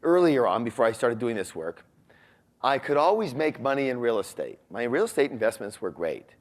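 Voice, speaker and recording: Man, seminar speaker, lively swinging pitch, quizzes the audience, live room. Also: moderate pace. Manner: animated, asks the audience questions. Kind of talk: motivational seminar talk.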